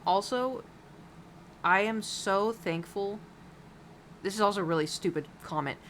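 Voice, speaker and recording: A woman's voice: medium pitch, unhurried, fairly bright tone, slight background noise. A woman streamer chatting casually while painting, rambling with lots of fillers and giggles.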